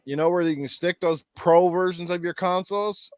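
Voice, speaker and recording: A man's voice: high voice, steady tone, moderate pace, no room sound, studio quality. A Canadian man hosting a casual gaming podcast panel, rambling into joking rants. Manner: rambling, jokey ranting. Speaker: podcast host.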